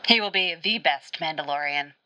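A woman voicing a stoic, blunt male armored warrior in a fan fiction audiobook, speaking in a flat, terse way. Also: deep voice, normal speed, highs cut off.

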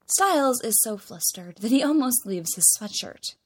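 A woman's voice: mid-range voice, expressive, moderate pace, gravelly, few pauses, husky. Woman reading a story with wry expression. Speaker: narrator. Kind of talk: reading fan fiction aloud.

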